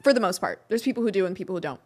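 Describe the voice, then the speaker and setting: A woman's voice: medium pitch, lively intonation, racing, darkish tone. A young woman, a podcast guest, telling a story in a casual interview, acting out quotes and using many "like" fillers.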